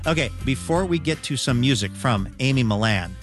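A man's voice: medium pitch, animated, fairly quick. A man hosting a radio show in an upbeat, friendly announcing manner. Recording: radio broadcast with music bed.

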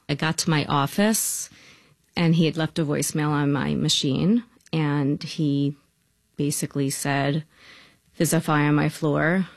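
A woman with a gravelly voice tells her story in a rushed, urgent way. The recording is close and dry. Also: low voice, steady tone, no room sound. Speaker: widow of a victim. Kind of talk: emotional interview testimony.

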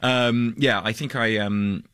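A man from the UK, an actor talking in a casual interview, halting and laughing often. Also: medium pitch, fairly even intonation, a bit bright, smooth, dry recording. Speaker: actor guest.

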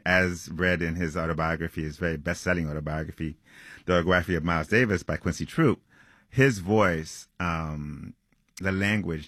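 A novelist talks about his book in an earnest, thoughtful way, pausing often with "um". His voice is very low and husky. The recording is dry and close. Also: a bit bright, dry recording. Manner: earnest and reflective, with frequent "um" pauses. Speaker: author. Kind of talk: interview answers and reading from his novel.

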